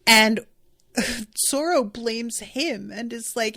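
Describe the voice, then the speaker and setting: A young woman hosting a podcast, casually recapping an episode in an animated, giggly way. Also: on the high side, very slow, creaky. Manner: giggly, animated storytelling with frequent laughter. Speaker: podcast host.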